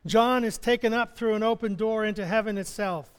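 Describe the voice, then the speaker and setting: Guy preaching a sermon, high voice, chuckles a lot, big echoey hall. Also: a little fast, clear, resonant tone. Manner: conversational, chuckles often, stammers and restarts. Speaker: chaplain and preacher. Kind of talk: sermon with personal stories. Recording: long hall reverb.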